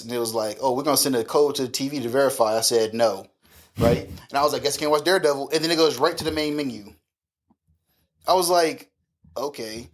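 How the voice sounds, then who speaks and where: A man co-hosting a podcast, talking in casual, profane chat with a blunt, slangy, ranting delivery. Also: medium pitch. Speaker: podcast co-host.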